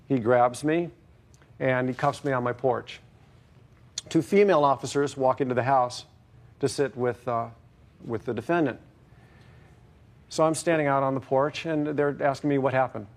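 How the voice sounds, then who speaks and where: A man testifying at length in a courtroom, hesitant and wordy, repeating stock phrases. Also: mid-range voice. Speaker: litigant in a courtroom show.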